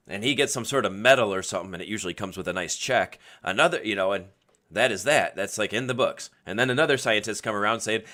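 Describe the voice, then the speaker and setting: A man's voice: on the low side, fast, bright, forceful tone. A man hosting a casual live-stream chat, explaining at length and laughing often. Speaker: podcast host answering questions.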